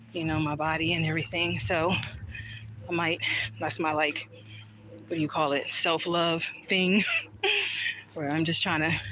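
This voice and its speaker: Praatgrage vrouw die buiten livestreamt. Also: female voice, lowish voice, a bit bright, a little hiss or hum. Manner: chatty, reading viewer comments aloud; frank, swears freely. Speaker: livestream vlogger. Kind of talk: casual livestream chat. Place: outdoors, walking home at evening.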